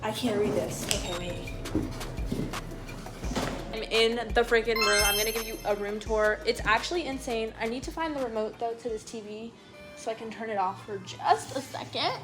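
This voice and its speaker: A woman's voice: on the high side, normal speed. A young woman talking casually to camera as a travel vlogger, chatty and blunt, swearing freely, over background music. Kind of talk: casual vlog talk to camera.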